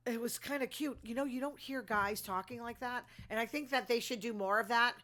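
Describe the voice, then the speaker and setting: A chatty woman with a bright, sharp-edged voice, talking in a loose, gossipy way. She is opinionated and wanders off into asides, with plenty of fillers as she hosts her own recap show. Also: fairly high pitch, brisk. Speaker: host recapping reality TV. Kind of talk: casual gossipy commentary.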